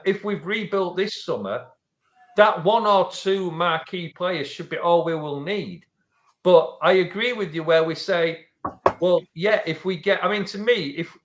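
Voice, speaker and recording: A fairly high-voiced man with a Yorkshire accent talks football in a relaxed podcast chat. He weighs his opinions carefully and often circles back to restart a thought. His voice rings through a noticeably echoey room. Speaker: football fan pundit.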